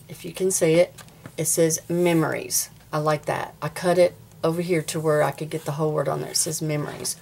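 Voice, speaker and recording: Gravelly Southern woman, chatty. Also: fairly low pitch, background noise. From American South. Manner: chatty and rambling, talks straight to viewers. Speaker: crafter showing her handmade journal. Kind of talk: casual show-and-tell vlog.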